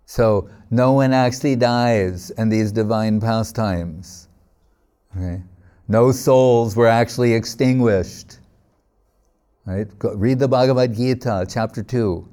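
A man giving an unhurried devotional sermon, telling stories, quoting scripture and checking in with "right?". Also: fairly low pitch, dark tone. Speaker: speaker at a devotional gathering.

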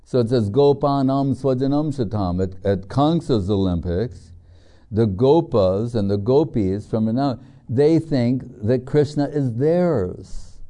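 Brief: middle-aged male spiritual teacher, chatty storyteller, unhurried and dark-toned. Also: medium pitch, animated. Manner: storytelling, chatty with many fillers. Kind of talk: devotional scripture lecture with anecdotes.

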